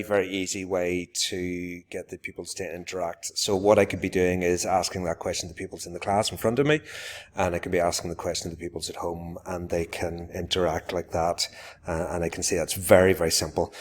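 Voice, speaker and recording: A man, a teacher giving a live classroom demonstration, explaining to viewers and turning to address his pupils directly. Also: deep voice. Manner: explains to viewers, then calls out warmly to pupils.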